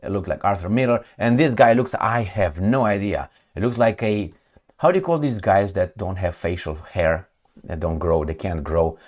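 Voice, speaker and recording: A man's voice: deep voice, normal speed, darkish tone. A man giving casual political commentary, mocking and chatty, talking to his viewers like friends. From Romania.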